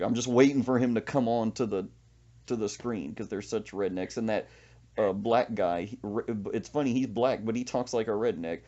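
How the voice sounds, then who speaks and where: A man's voice: on the low side, moderate pace, dark tone, highs cut off. A man from Central Texas, hosting a podcast and telling comic stories with laughs and quoted voices. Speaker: podcast host. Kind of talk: comic casual chat.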